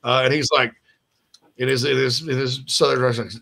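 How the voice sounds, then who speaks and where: A man hosting a sports podcast, chatting casually in a rambling, animated way with frequent restarts. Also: medium pitch, moderate pace, creaky.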